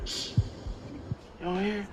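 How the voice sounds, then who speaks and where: A man's voice: slow pace, heavy background noise, natural voice. An actor playing a stoned, paranoid young man who mumbles and snaps back at his friend.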